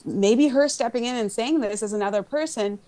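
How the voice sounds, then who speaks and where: Female co-host, opinionated casual chat, high-ish voice, dry close mic. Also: brisk, warm tone, no room sound. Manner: chatty, opinionated, gossipy. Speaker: podcast co-host.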